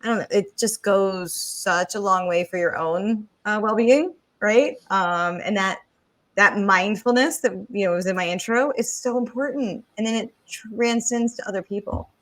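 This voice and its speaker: A woman's voice: medium pitch, moderate pace. A woman hosting a podcast interview, talking in a chatty, enthusiastic way. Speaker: podcast host. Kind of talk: conversational interview.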